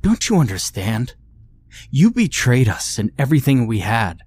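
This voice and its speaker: A man's voice: lowish voice, slow. A man playing a bitter, betrayed husband. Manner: curt, demanding outbursts.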